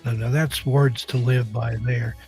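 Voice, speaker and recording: A man's voice: medium pitch, flat delivery, a little slow, darkish tone, faint music behind. A man hosting a casual live-stream chat show, joking and rambling with a slightly scratchy throat. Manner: easygoing, joking, rambling with restarts. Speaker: podcast host.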